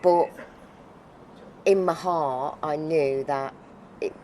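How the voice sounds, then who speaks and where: Low-voiced middle-aged woman, heartfelt. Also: warm tone, a little hiss or hum, rough recording. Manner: heartfelt, halting with repeated restarts. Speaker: interview guest, foundation founder. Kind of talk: emotional personal storytelling.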